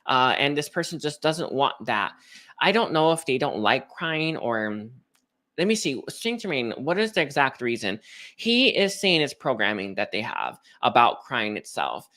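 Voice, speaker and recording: Bright-voiced man doing a chatty reading. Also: mid-range voice, sing-song, normal speed. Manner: rambling, chatty, many fillers and restarts. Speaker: spiritual card reader. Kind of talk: casual live reading.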